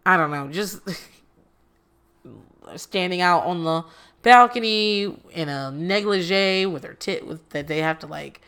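A woman's voice: lowish voice, bright, forceful tone, clear, resonant tone. A woman recapping a reality dating show in casual commentary, sarcastic and profane, with exasperated asides.

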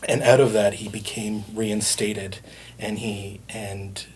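A man's voice: fairly low pitch, little pitch movement, slow, darkish tone, breathy edge. A man preaching a sermon in a conversational way, with frequent fillers and restarts. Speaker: pastor.

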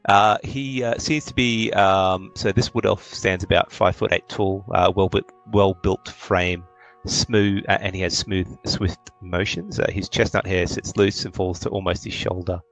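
A man narrating a tabletop role-playing game as game master, relaxed and full of fillers. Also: low-pitched, a little slow, soft background music, poor audio.

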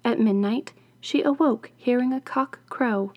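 A woman reading a fairy tale aloud, slow and expressive. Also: on the high side, dry recording. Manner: slow, deliberate, expressive storytelling. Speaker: storyteller.

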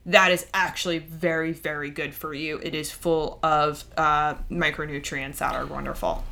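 A woman co-hosting a podcast in a chatty, animated way. Her voice sits a little low and sounds bright and forceful. She slips into little quoted voices as she talks. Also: normal speed, creaky. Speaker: podcast co-host. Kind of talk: casual podcast chat.

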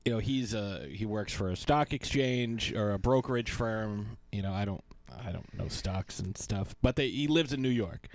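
A man's voice: fairly low pitch, moderate pace, hardly any pauses. A man co-hosting a podcast in casual chat, rambling and playful. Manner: rambling, playful, slips into snooty impressions. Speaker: podcast co-host.

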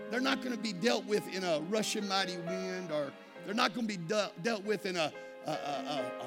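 Male pastor, high voice, sermon in a church with music behind, builds to shouting. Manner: preaching, rising to shouts at climaxes. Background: music playing.

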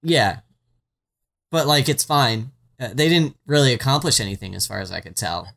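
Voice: medium pitch, normal speed, vocal fry, fairly bright tone. Rambling, wry podcast co-host. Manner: rambling and self-interrupting, with frequent "like" and "um" asides; wry and sarcastic, with casual swearing. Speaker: podcast co-host recapping a TV series. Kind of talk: casual chat.

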